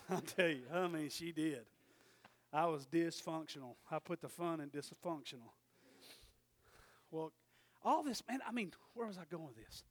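A man preaching a sermon and telling a personal story, swinging from loud emphatic preaching to quiet storytelling. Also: a little high, lively intonation, unhurried, pauses often.

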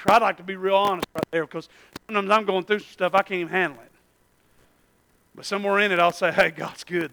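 A preacher delivering a fervent, conversational sermon, breaking into exclamations and calling for responses from the congregation. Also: male voice, high-pitched, sharp tone. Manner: asks the crowd for responses often.

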